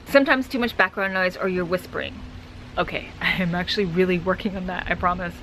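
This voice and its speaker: A woman travel vlogger talks to camera in a casual, candid chat. Her speech is quick and tumbles along, and her voice sounds bright and tense. A faint noise sits behind her. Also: on the low side, fairly even intonation, low-quality recording. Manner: fast, chatty, candid.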